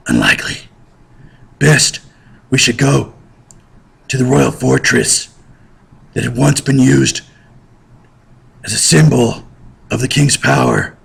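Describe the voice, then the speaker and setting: A man voicing a starving male peasant who speaks in a very deep, hollow and oddly formal way. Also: gravelly, husky, full character voice. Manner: slow, grave, oddly formal speech.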